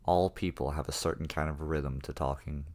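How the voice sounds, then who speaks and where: A man with an extremely deep, low-pitched voice narrates a horror story. He tells it casually in the first person, with plenty of swearing. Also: steady tone, moderate pace, darkish tone. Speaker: creepypasta narrator.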